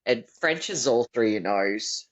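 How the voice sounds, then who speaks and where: A podcast co-host, chatting in a relaxed way and explaining things patiently. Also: medium pitch, measured pace. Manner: relaxed, explanatory, laughs along. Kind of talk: casual chat. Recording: dull lo-fi audio.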